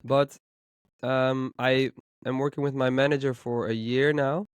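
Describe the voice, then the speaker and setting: Hoarse-sounding male podcast co-host. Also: mid-range voice, measured pace, no echo, clean studio sound. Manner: relaxed, rambling with many fillers. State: hoarse with a cold. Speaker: podcast co-host, music producer. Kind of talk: casual podcast chat.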